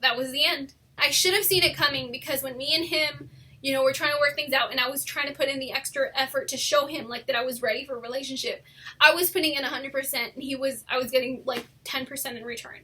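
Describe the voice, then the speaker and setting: A young woman telling a personal story in a casual, animated way, swearing often and saying "like" a lot. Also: high voice, fast. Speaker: storytime vlogger.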